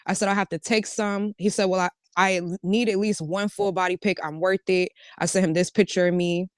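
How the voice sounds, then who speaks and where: A woman's voice: mid-range voice, steady tone, a little fast, smooth, no room sound, clean studio sound. A woman telling a casual storytime, reading out a chat exchange line by line and switching between "he said" and "I said". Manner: recounts a back-and-forth, switching between "he said" and "I said". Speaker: storytime vlogger.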